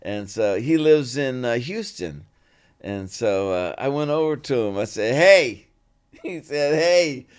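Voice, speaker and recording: Animated male actor telling stories. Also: medium pitch, measured pace, clear, resonant tone. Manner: animated, acts out quoted voices in stories; relaxed and conversational, with "you know" fillers. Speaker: actor guest. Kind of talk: anecdotal interview storytelling.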